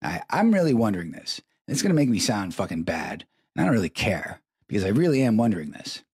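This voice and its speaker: A man's voice: lowish voice, big pitch swings, fast, darkish tone, breathy edge, dry recording, studio quality. A middle-aged man hosting a live show, telling crude stories in a profane, rambling way and repeating his words for emphasis, while stoned. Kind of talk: crude stream-of-consciousness storytelling.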